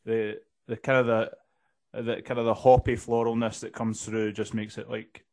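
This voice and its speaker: A man's voice: on the low side, little pitch movement, moderate pace, darkish tone. A man co-hosting a casual podcast, describing a beer enthusiastically with many fillers and restarts. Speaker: podcast co-host. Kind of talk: casual chat, tasting notes.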